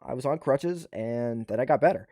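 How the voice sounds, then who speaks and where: Casting: swearing male streamer, mid-pitched voice, dry, close desktop mic, animated rambling rants. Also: normal speed, dry recording. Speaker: livestream host and army veteran. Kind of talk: casual profane storytelling. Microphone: desktop USB microphone.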